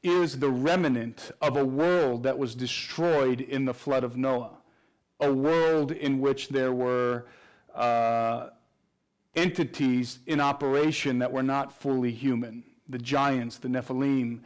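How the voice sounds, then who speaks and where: Male interview guest, mid-pitch, flat and earnest, talks in long explanations with restarts. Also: slow pace. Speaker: guest researcher. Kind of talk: interview answers.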